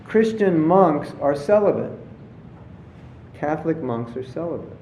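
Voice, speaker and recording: Man giving a relaxed talk in an echoey hall. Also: a little high, unhurried, a little hiss or hum. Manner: storytelling, acts out voices in his anecdotes. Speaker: spiritual teacher. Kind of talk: casual lecture with jokes. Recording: roomy, slightly dull lecture recording.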